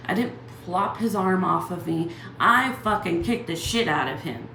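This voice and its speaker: A woman's voice: lowish voice, expressive, measured pace, creaky, a bit bright, reverberant, a little hiss or hum. A young woman ranting heatedly to the camera, swearing constantly and firing off rhetorical questions. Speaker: channel host ranting. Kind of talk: angry profane rant to camera.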